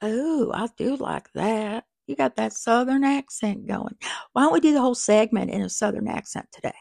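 A woman hosts a podcast in loose, rambling chat packed with fillers and asides, using a small mic in a crowded little office. Her voice is a little high and slightly mellow with vocal fry, at a moderate pace. The sound is studio quality with no echo.

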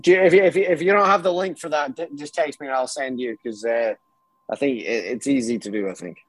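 Scottish guy on a podcast, kinda high voice, laid back, stumbles on his starts a bit. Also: steady tone, fast talker, no room sound, rough recording. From Scotland. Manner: easygoing, repeats words as he starts sentences. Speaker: guest golfer. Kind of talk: casual podcast chat.

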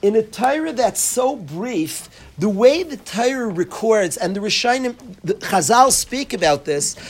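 Earnest man giving a talk. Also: high voice. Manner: earnest, repetitive, uses Yiddish and Hebrew terms. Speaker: rabbi teaching in a yeshiva. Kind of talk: Torah lecture.

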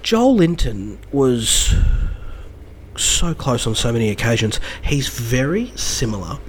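A man's voice: mid-range voice, very animated, slow, slight background noise. Profane man, chatty football banter. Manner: profane, banter-heavy, jumps between topics. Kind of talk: casual football chat.

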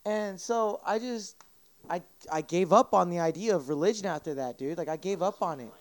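On a podcast, a young male guest with a high-pitched voice recounts a lengthy tale at a moderate pace, cursing nonstop and performing other people's lines in an animated, rambling way. The chat is casual and the recording dry.

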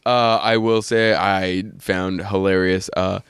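A man hosting a podcast in casual chat, animated, laughing often and talking with many fillers. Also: low voice, takes it slowly, clean tone, no echo, clean studio sound. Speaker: podcast host.

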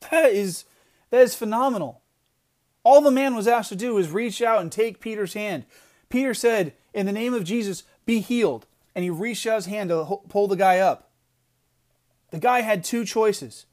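A man's voice: high voice, moderate pace, darkish tone. Earnest man giving a devotional talk. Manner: earnest, emphatic preaching with frequent restarts. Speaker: podcast devotional speaker.

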